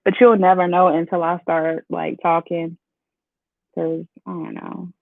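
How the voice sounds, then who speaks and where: A woman's voice: on the low side, flat delivery, measured pace, vocal fry, dry recording. A woman from Chicago, chatting casually with her viewers as she walks through a live makeup tutorial. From Chicago, United States. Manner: chatty, talks straight to viewers as "y'all". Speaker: beauty vlogger. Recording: tinny phone-like sound, dry.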